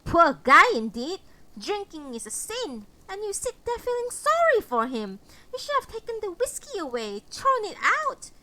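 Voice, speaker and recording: A woman putting on a shrill, scolding pious mother. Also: wildly swooping pitch, moderate pace, bright, forceful tone, slight background noise, heavily acted, rough recording. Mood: indignant scolding. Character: stern pious older mother, scolding and indignant.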